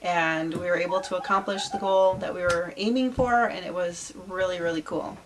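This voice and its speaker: A woman, a mother in a family vlog, talking gently and softly in a casual chat. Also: on the low side, steady tone, normal speed, background noise.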